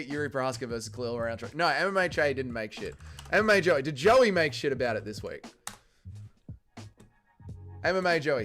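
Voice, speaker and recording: A man's voice: fairly high pitch, fairly bright tone. A young Australian man hosting a livestream, chatting casually and reading chat messages in a rowdy, profane way. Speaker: livestream host. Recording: faint music behind.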